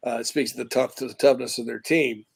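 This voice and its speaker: Male sports host, gravelly voice, rambling, restarts often. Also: medium pitch, fairly even intonation, fast talker. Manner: rambling, self-correcting, thoughtful. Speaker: sports talk show host. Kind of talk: casual sports talk.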